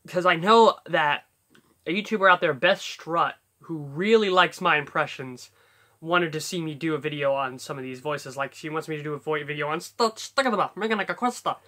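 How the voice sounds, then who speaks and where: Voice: medium pitch, pushed and bright. A YouTuber casually explaining how to do cartoon voice impressions, rambling and full of fillers as they think aloud. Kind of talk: casual tutorial talk.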